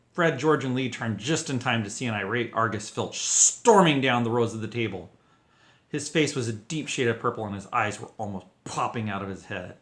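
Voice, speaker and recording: A man reading a fanfiction story aloud as an expressive storyteller. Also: mid-range voice. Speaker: fanfiction reader. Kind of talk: audiobook narration.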